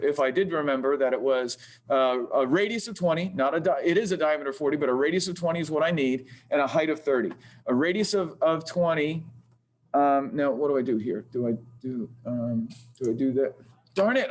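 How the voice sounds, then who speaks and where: A man teaching engineering design software, thinking aloud as he demonstrates, often hesitating and correcting himself. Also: a little high. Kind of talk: screen-recorded software tutorial. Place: classroom with projector. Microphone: computer mic while demonstrating.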